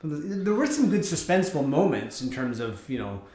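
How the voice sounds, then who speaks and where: A man's voice: fairly high pitch, big pitch swings, normal speed, mellow. A man chatting loosely on a film podcast, rambling and hesitant with many fillers. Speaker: podcast co-host. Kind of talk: casual film review chat. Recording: echoey room.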